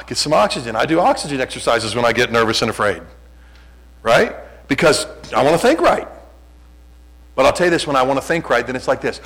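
A man's voice: medium pitch, sing-song, a little fast, long pauses, a bit bright, low-quality recording. A middle-aged man preaching a sermon as a pastor, conversational and self-deprecating, often restarting his sentences.

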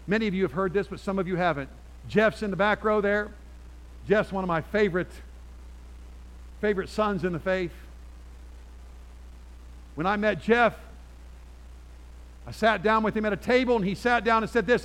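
A man preaching a sermon to a church congregation, switching between forceful appeals and quiet storytelling. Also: high voice, normal speed, long pauses, low-quality recording. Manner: emphatic, swings from loud exhortation to quiet storytelling. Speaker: pastor.

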